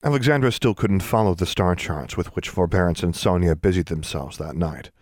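A man narrating a fantasy novel audiobook in a calm, even reading. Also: low voice, fairly quick, no room sound, studio quality. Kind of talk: scripted narration.

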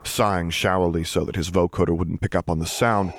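Deep-voiced man reading a story. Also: fairly even intonation, a little fast, slight background noise. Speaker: audiobook reader. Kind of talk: scripted narration.

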